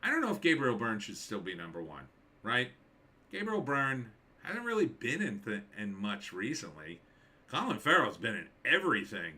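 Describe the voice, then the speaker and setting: A man hosting a livestream, reading through a list in casual commentary and musing aloud with quick offhand asides. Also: lowish voice, sharp tone. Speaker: livestream host.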